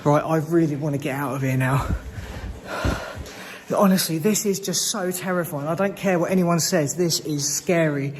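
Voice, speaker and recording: A man exploring an abandoned hospital at night, hushed and frightened, swearing and shaking with fear as he talks to his camera. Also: fairly high pitch, fairly even intonation, moderate pace. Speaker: urban explorer. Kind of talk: whispered solo vlog. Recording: noisy handheld camera audio.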